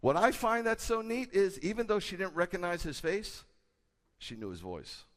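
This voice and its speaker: A man, a rabbi, preaching a sermon with a conversational manner and bursts of loud, emphatic delivery. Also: sits high, normal speed. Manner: animated, rising to loud emphatic peaks. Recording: hall with long reverb.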